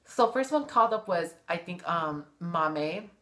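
A woman's voice: on the low side, animated, a little slow, a bit bright. A woman vlogger giving a sassy, gossipy, profane recap of a TV show in casual chat.

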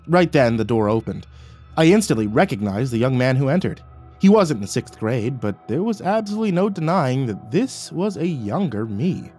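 Male horror narrator, measured and dramatic, faint music underneath. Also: mid-range voice, very animated, mellow, slightly rough. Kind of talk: scripted horror story narration.

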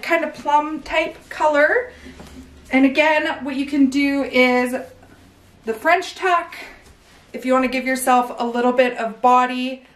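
Bubbly high-voiced woman in an echoey room. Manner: bubbly, chatty, heavy use of "like" and slang. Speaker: clothing store owner showing new stock. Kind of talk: casual try-on haul. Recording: echoey room, some distance from mic.

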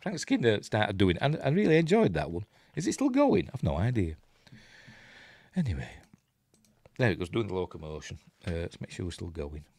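A man's voice: fairly low pitch, sing-song, fairly quick, darkish tone, no room sound. A man with a Yorkshire accent, hosting a casual live watch-along and chatting in a rambling way while he reads on-screen text aloud. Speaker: host.

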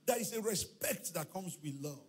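A man's voice: high voice, normal speed, slightly rough. A male pastor preaching a sermon in a church, telling stories with acted-out dialogue and chanted refrains. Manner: animated storytelling preacher, acts out dialogue, shouts and chants. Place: church hall.

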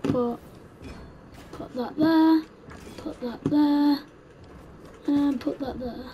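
High-voiced excitable woman gamer. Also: very slow, slight background noise. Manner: excitable, screams at big moments. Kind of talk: live gameplay commentary. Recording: loud game music behind voice.

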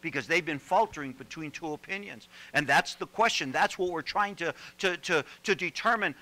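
A male pastor preaching with a forceful, bright voice that sits somewhat high. He is animated and joking, and he stumbles over repeated words when he gets going. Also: moderate pace, rough recording. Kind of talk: sermon.

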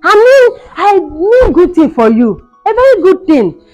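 A woman's voice: extremely high pitch, sing-song, a little slow, darkish tone, heavily acted. A woman acting a cruel, taunting mother-in-law in a home-made skit, shrieking and mocking. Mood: ranting. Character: cruel scolding mother-in-law, shrill and bullying. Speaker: actor in a skit. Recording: dull sound with faint music behind.

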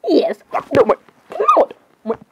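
Teen girl gamer, high and excitable, rambling dramatic commentary. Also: normal speed, noisy background. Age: teens. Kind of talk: casual gameplay chatter.

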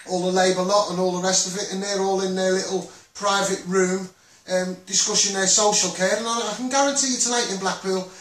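A man's voice: sits high, a bit bright. A man with a Scouse accent hosting a Facebook live, talking in a rambling, impassioned way with many restarts. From Liverpool. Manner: rambling, repetitive, with frequent restarts and "um"s. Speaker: Facebook live host and campaigner. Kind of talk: impassioned live stream monologue. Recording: roomy echo, distant from the mic.

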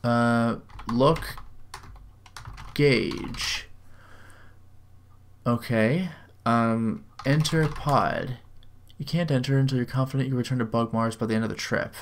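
A man reading out a text adventure game and typing commands, with dry, wry asides and slowly drawled commands. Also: medium pitch, steady tone, a little hiss or hum. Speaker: game video host. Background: faint keyboard typing.

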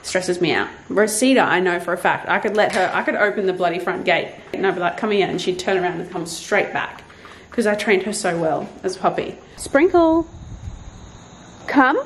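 A woman chatting casually outdoors in a backyard, vlogging while training her dog and calling to it in a high sing-song voice. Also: fairly quick, hardly any pauses, slight background noise, poor audio. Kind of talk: casual vlog chat.

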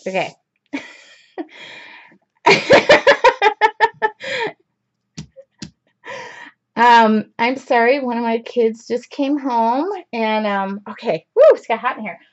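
A woman's voice: a little high, moderate pace, few pauses, dull audio. A middle-aged woman teaching a live-streamed painting session in a chatty, rambling way, laughing often. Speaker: art instructor.

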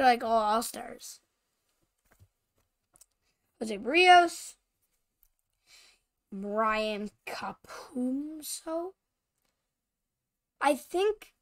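A female host talks through a card-opening video at a slow, unhurried pace, her fairly high voice carrying a gravelly edge of vocal fry. She halts often, fills gaps with fillers, and keeps apologizing for stumbling over names. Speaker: channel host showing baseball cards. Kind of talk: casual card-opening commentary.

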